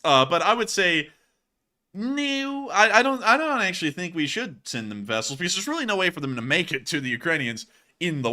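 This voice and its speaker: A young man in his twenties hosting a casual live stream, joking and animated as he answers viewer questions. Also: a little high. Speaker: host.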